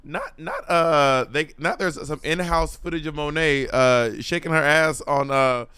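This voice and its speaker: A man's voice: a little high, expressive, measured pace, pushed and bright, clear, resonant tone, dry recording. A man co-hosting a podcast, chatting in a campy, teasing way. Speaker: podcast co-host. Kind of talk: casual chat.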